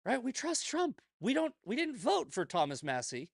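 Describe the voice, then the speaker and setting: A man's voice: extremely high pitch, huge pitch swings, moderate pace, gravelly, dry recording, clean studio sound. A man hosting a political commentary show, ranting in a profane, heated, combative way and often tagging on "right?" and "okay?".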